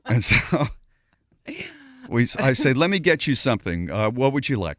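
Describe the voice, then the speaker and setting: A middle-aged man hosting a radio talk show, telling a story in an animated way and acting out the voices of the people in it. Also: mid-range voice, moderate pace, pauses often, dry recording, studio quality. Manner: animated, acts out voices in anecdotes.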